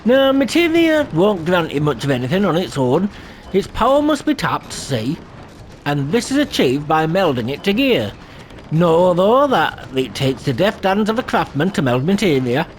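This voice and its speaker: A man's voice: a little high, big pitch swings, normal speed, slight background noise. A man voicing a learned, formal teacher of crystal lore, reading in a shaky put-on accent with small stumbles. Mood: instructive. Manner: stilted put-on accent, read aloud with stumbles.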